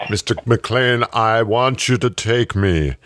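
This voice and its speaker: A man putting on a grave, solemn voice, making a slow, deliberate demand from a distance. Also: mid-range voice, noisy background, lightly acted.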